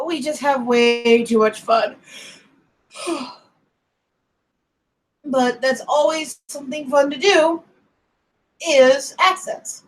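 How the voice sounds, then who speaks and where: A woman's voice: sits high, extremely slow, long pauses. A young woman from the western US with a mixed accent touched by Kentucky Southern, chatting in a rambling, playful way while she draws. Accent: mixed American with light Kentucky Southern touches. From Colorado and California, US. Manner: chatty and digressive, with laughs and playful asides. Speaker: streamer drawing while chatting. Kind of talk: casual rambling chat while drawing.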